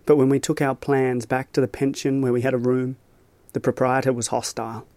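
A man reading his own reflective travel essay aloud as scripted narration, measured and thoughtful. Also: mid-range voice, little pitch movement, warm tone, no room sound. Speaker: storyteller.

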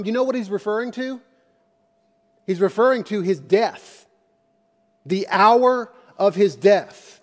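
Man, pastor, sermon, fairly high voice, impassioned with casual asides, long church reverb. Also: unhurried. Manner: impassioned preaching with rising emphasis and conversational asides. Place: church sanctuary.

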